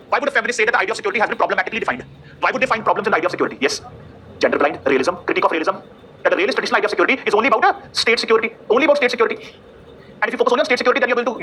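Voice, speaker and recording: A man's voice: extremely high pitch, pushed and bright, a little hiss or hum. A man lecturing a class, quizzing the students with rhetorical questions.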